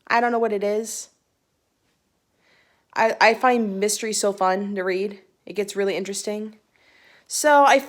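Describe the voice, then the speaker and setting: A young woman chatting casually to her phone camera about books she read, giggly and rambling with restarts. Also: on the high side. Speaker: book vlogger. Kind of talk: casual book chat to camera.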